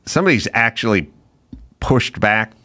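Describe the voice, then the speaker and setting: Animated sarcastic male podcast host. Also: on the low side, moderate pace. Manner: riffing, sarcastic, repeats himself. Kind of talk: casual comedic chat.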